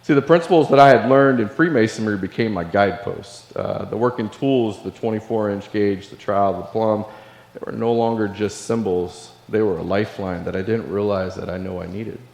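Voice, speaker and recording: Low-voiced man speaking in an echoey hall. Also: brisk, vocal fry, darkish tone. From Illinois. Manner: earnest, confessional storytelling. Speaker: keynote speaker, Navy veteran. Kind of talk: personal story speech. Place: large hall. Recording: echoey hall with long reverb.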